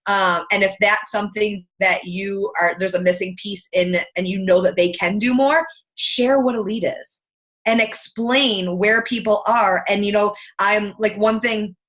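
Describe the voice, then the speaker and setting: Brief: woman coach, casual chat, blunt and quick, filler-heavy, mid-pitch. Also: steady tone, a bit bright. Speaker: team coach and guest.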